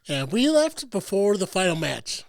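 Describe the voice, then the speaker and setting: This is a man co-hosting a podcast in relaxed, casual chat. His voice has a gravelly fry, and its pitch moves around as he drops dry, teasing remarks. He is recorded close and dry. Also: unhurried, no room sound. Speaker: podcast co-host.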